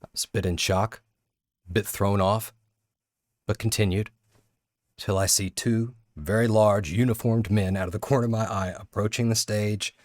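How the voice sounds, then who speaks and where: Low-voiced man telling a lesson story. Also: steady tone, a little mellow, dry recording, clean studio sound. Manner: earnest and candid, halting with restarts. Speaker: public speaking instructor.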